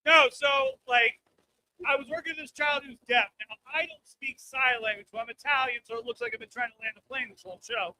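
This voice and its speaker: A man with an extremely high, pushed, bright voice does a stand-up set a little fast on a live stage mic. Brash and crude, he keeps asking the crowd "all right?" The low-quality recording has slight background noise.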